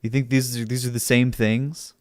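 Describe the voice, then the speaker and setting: A man's voice: mid-range voice, level tone, moderate pace, darkish tone, no echo, studio quality. A young man streaming, arguing with his chat in a sarcastic, argumentative way and laughing often. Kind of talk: casual livestream chat.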